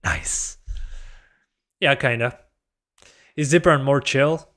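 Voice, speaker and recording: A man whose first language is Spanish streams a game in English, voice sitting at an ordinary middle pitch. He rambles loosely, pokes fun at himself and answers chat messages as they come in. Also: slow pace. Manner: relaxed, rambling, self-deprecating, talks to chat. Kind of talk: casual gameplay chat.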